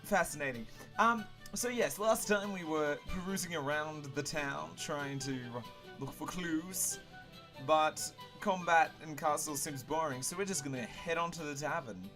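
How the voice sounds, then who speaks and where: A man hosting a game playthrough, reading the story aloud and chatting casually, playful and excitable. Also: a little high, unhurried, over music. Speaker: let's play host and reader.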